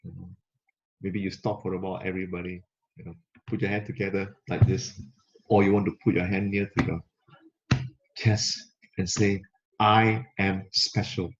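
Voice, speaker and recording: A man's voice: low voice, flat delivery, normal speed, pauses often, darkish tone. A man giving a motivational talk to camera, coaching listeners and repeating key phrases for emphasis. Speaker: motivational speaker. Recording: slightly muffled lo-fi recording.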